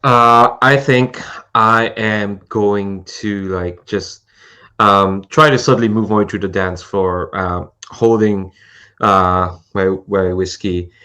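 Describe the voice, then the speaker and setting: A man's voice: lowish voice, steady tone, slow pace, bright, forceful tone, clear, resonant tone. A man playing in a tabletop game, describing his character's moves hesitantly while thinking aloud. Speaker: player.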